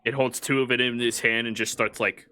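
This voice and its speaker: A man narrating a tabletop game as game master, describing the scene in a halting way with many fillers. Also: mid-range voice, flat delivery, sharp tone, a little hiss or hum.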